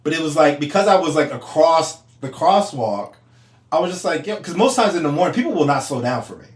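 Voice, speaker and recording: A young man co-hosting a casual podcast, telling a story with lively acted-out quotes and frequent laughter. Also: a little fast. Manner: animated, acts out quotes with big pitch jumps, laughs often. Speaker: podcast co-host. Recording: echoey room.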